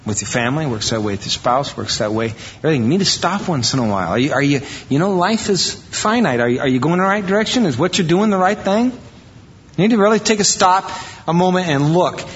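A man's voice: fairly high pitch, a little fast, a little hiss or hum. Man preaching a casual sermon. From Iowa. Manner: conversational, animated, acts out quoted voices. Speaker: pastor. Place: church sanctuary. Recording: dull reverberant church recording.

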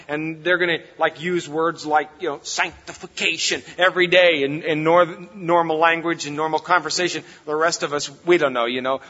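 Recorded in a church hall with heavy reverb and dull lo-fi audio, a pastor gives a sermon in a folksy, conversational manner. His voice is on the high side, with a sharp tone.

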